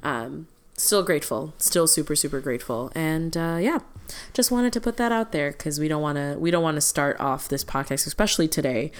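A woman's voice: low-pitched, lively intonation, brisk, few pauses. A woman co-hosting a podcast, telling stories in a rambling way with plenty of ums and asides. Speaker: podcast co-host. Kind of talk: casual podcast chat.

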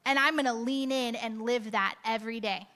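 A woman's voice: a little high, fairly even intonation, moderate pace, bright, forceful tone. A woman preaching a conversational, emphatic sermon to her church, full of rhetorical asides.

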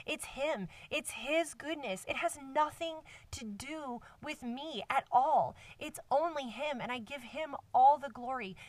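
A woman with a high voice hosts a casual faith podcast by herself, emotional and near tears as she talks earnestly and effusively with plenty of fillers. Her mic sits in a cardboard box, far from her, with no room sound.

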